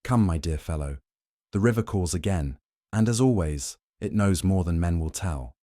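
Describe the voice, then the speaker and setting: Guy doing sherlock holmes, calm keen detective, smooth measured talk, deep mellow voice. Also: no echo, studio quality. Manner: smooth, measured, almost kind.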